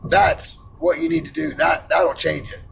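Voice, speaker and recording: A man's voice: fairly high pitch, sing-song, unhurried, gravelly, slight background noise, poor audio. A man in his forties who works in iron, ranting bluntly and profanely about money and personal responsibility. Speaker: iron worker ranting on camera.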